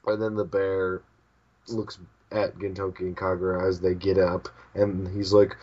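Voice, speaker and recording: A man's voice: deep voice, little pitch movement, unhurried, darkish tone, breathy edge, dull audio. A man co-hosting a podcast in casual chat, reading out manga panels and putting on the characters' lines with bursts of laughter. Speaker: podcast co-host.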